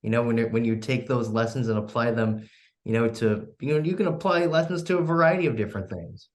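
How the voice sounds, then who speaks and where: A man's voice: medium pitch, fairly quick. A young man hosting a student radio interview, often stammering and restarting with lots of "you know". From United States. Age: young adult. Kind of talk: casual interview.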